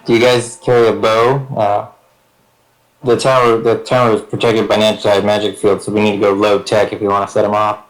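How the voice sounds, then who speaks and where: Low-voiced man asking practical questions. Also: level tone, fairly quick, poor audio. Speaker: player. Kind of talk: casual tabletop play online.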